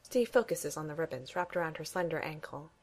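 Woman reading fan fiction, slightly low voice. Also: expressive, a little fast, a little mellow. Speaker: reader.

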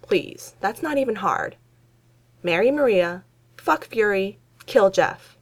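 A woman reading fan fiction aloud, voicing a brash, excitable young woman at a bar who talks bluntly and sarcastically. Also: medium pitch, takes it slowly. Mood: sassy.

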